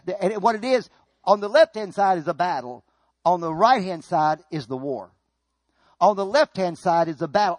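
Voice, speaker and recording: A pastor with a high, light voice delivers a sermon, rising and pressing hard on key lines, then dropping low and soft. He often stumbles and repeats words as he builds. The sound is dry and close. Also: dry recording. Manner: preacherly, swings from soft to loud emphasis, repeats words.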